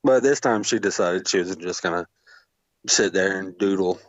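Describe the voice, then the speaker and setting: A man co-hosting a wrestling review podcast, laid-back and quick to swear and laugh in casual chat. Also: low-pitched, no echo. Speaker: podcast co-host. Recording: dull lo-fi mic.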